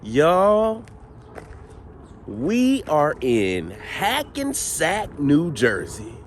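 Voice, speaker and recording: A man hosting a casual paranormal vlog outdoors at a cemetery, his voice jumping up whenever he gets excited. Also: fairly high pitch, very slow. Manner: excitable, voice jumps up when excited. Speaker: host. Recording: outdoor street noise behind.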